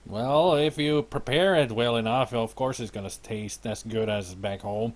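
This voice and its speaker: Over game music, a man live-streams a computer game and sarcastically talks back to the characters. His voice is medium-pitched and his pace measured.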